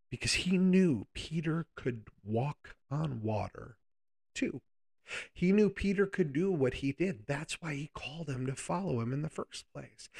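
A man's voice: on the high side, a little mellow, breathy edge. A man preaching a sermon in a conversational way, reading scripture aloud and explaining it in plain words.

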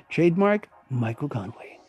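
A man's voice: medium pitch, darkish tone, muffled recording. A man hosting his own podcast, telling a story in a rambling, casual way with frequent laughs and swearing. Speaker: podcast host.

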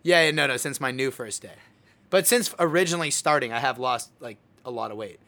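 A bright-voiced young man hosts a relaxed chat. He tells his story with animated energy and acts out his own lines as he goes. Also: medium pitch, brisk. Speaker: podcast host. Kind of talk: casual chat.

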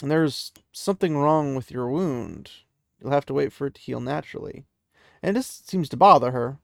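A man retells a fantasy story in a loose, chatty way. His voice is gravelly and sits at a middle pitch. The sound is dry and close. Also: expressive, moderate pace, no room sound. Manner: chatty, loose, with many "he's like" asides.

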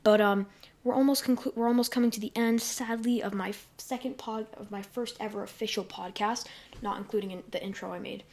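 A woman's voice: medium pitch, steady tone, brisk, a little mellow. A woman hosting a casual solo podcast from her bedroom on a desk mic, rambling along with lots of fillers and self-corrections. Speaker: podcast host.

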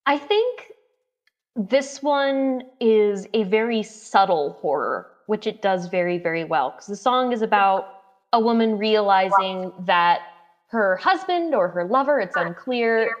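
A woman's voice: mid-range voice, animated, unhurried, lo-fi sound. A woman co-hosting a podcast, talking about songs in an articulate, slightly wry way. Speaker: podcast co-host. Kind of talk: casual music chat.

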